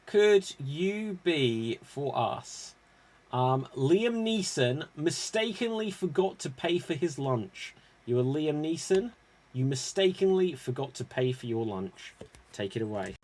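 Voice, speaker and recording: A man's voice: medium pitch, animated, slow. A man hosting an online improv game show, playful and self-mocking.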